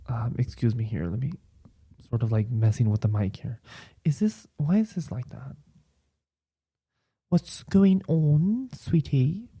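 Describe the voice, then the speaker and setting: A man's voice: medium pitch, expressive, normal speed, dark tone, slightly rough, no echo. A young man hosting a casual solo podcast, rambling and playful with lots of fillers. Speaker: podcast host.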